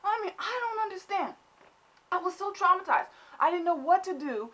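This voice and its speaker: A woman's voice: extremely high pitch, lively intonation, normal speed, bright, forceful tone. A woman vlogger telling a comic story in an exaggerated, mock-dramatic way. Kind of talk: comedic storytelling vlog.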